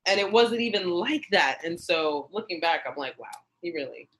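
Woman, 30s, comedian guest, lively storyteller who performs her own quotes loudly. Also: fairly low pitch, moderate pace, rough recording. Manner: animated, acts out quotes in raised voice. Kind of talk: casual storytelling.

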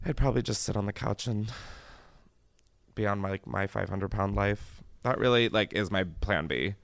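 A man hosting a podcast in casual chat, joking and animated, his voice jumping from loud squeals down to low mutters. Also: moderate pace, creaky, no room sound. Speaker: podcast host.

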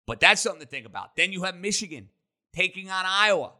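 Bright-voiced, emphatic sports talk man. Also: high voice, animated. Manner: emphatic, rapid-fire opinions. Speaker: sports radio host. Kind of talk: opinionated sports talk monologue.

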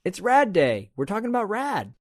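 A man's voice: sits high, huge pitch swings, moderate pace, breathy edge, no echo, studio quality. A man co-hosting a podcast in casual chat, jokey and playful, laughing often. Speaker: podcast co-host.

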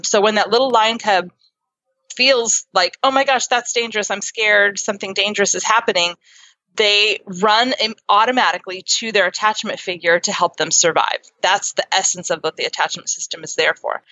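A woman psychotherapist and author, speaking as an interview guest and explaining ideas earnestly with lively examples. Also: mid-range voice, no echo. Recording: dull lo-fi sound.

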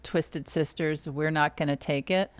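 Give me a woman co-host with a somewhat low voice, teasing her partner with playful questions in casual chat. The sound is dry and close to the mic. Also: steady tone, measured pace, no echo. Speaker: podcast co-host.

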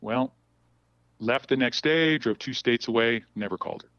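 A man's voice: medium pitch, moderate pace, a bit bright, no echo. Rambling middle-aged man telling stories. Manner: rambling, many restarts and "blah, blah". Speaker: podcast guest. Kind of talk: casual storytelling. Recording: dull, dry, lo-fi sound.

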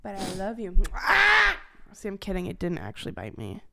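A woman's voice: on the low side, sing-song, quick pace, vocal fry, warm tone, a little hiss or hum. A woman hosting a casual podcast, chatty and swearing freely, now and then dropping to a whisper for a joke. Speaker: podcast host. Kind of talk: casual chat.

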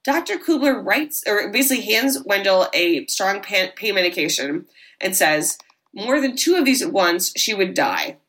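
A woman with a bright, ringing voice retells a horror film plot in casual podcast chat. She slips into quick impressions of the characters as she goes and swears offhandedly. Her tone is lively and storytelling. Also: medium pitch, low-quality recording. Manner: animated, acts out characters' lines, swears casually.

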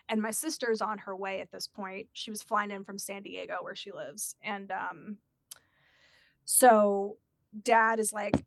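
A woman's voice: mid-range voice, measured pace, vocal fry, no room sound, clean studio sound. A woman telling a personal story in a casual chat and acting out the voices of the people in it. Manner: animated, acts out quoted voices.

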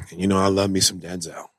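A man in casual conversation, animated and profane, jumping into loud excited bursts. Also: low voice, dry recording. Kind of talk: casual chat.

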